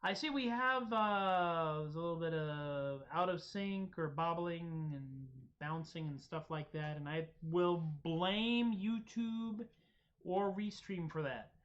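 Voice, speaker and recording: A man's voice: on the high side, slow. A man hosting a live-streamed music show, chatting casually and self-deprecatingly between songs, rambling loosely. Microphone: streaming setup microphone. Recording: dull lo-fi stream audio with loud guitar. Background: acoustic guitar playing.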